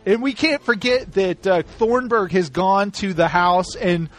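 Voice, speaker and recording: A man with a fairly high voice chats casually about a favorite movie. He laughs a lot, gushes over scenes and slips into impressions of the dialogue. It is relaxed podcast banter. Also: unhurried, faint music behind. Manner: enthusiastic, laughing, acts out film lines. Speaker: podcast host.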